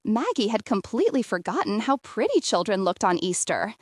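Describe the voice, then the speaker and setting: A woman narrating an audiobook in an expressive storytelling way. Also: mid-range voice, normal speed, no room sound, studio quality.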